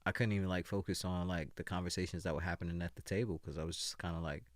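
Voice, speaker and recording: A man co-hosting a casual podcast chat, telling stories in an animated way. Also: low-pitched, quick pace, no echo, studio quality. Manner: animated storyteller. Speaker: podcast co-host.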